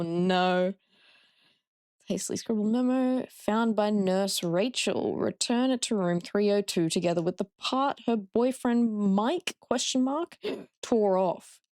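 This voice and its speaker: A woman's voice: medium pitch, measured pace, a little mellow, dry recording, clean studio sound. Chatty Australian woman streaming a game. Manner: chatty, reading out chat, frank with swearing. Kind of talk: casual gameplay commentary.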